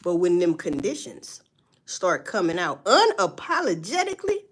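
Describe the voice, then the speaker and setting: Animated loud-talking woman in her forties. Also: lowish voice, normal speed. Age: 40s. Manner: loud, swearing, animated storytelling with laughs. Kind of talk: casual rant to viewers.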